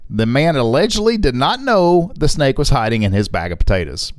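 Middle-aged male co-host, jokey and quick to laugh, lively swings in pitch. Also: no room sound, clean studio sound. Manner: playful, laughs often, reads news items aloud. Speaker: radio co-host. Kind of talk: joking talk-show banter.

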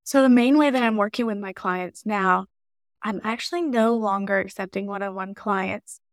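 A woman as a podcast guest, telling stories in a lively casual way and often saying "like". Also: medium pitch, normal speed, dry recording, studio quality. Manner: lively storytelling, often says "like". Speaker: podcast guest, marketing mentor. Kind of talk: casual interview chat.

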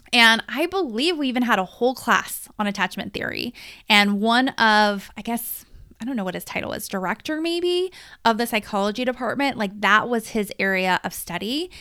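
A woman in her thirties speaking as a podcast host and coach, talking openly and emotionally about her own life. Her voice sits a little high and sounds smooth and clear, and she tells the story with lively, confessional energy. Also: normal speed. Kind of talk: candid personal monologue.

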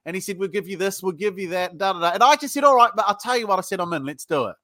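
This middle-aged sales trainer from the UK talks with a British accent in a high, bright voice at a racing pace. As a podcast guest, he's blunt and profane, voicing both sides of sales calls while telling stories. The audio is dry, close to the mic, and without echo.

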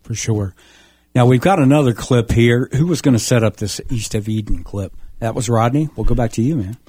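A man's voice: mid-range voice, a little fast, warm tone, breathy edge, dry recording, clean studio sound. A man hosting a faith-based discussion show, easygoing and conversational. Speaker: host.

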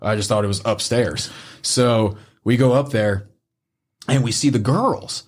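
A man telling a wild personal story on a podcast in casual, animated style, swearing freely and acting out what people said. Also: fairly low pitch, measured pace. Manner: animated, swears often, acts out quotes.

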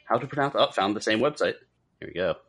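Deep, bright-toned playful podcast host. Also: male voice, expressive, quick pace. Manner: playful, chatty, mimics sounds. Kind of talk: casual chat.

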